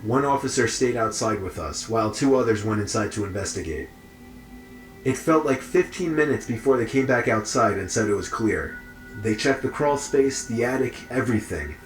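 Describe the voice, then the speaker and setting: A man reading a first-person horror story aloud in a steady, even way. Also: mid-range voice, normal speed. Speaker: story narrator. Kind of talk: scripted horror story narration. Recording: echoey with faint music behind.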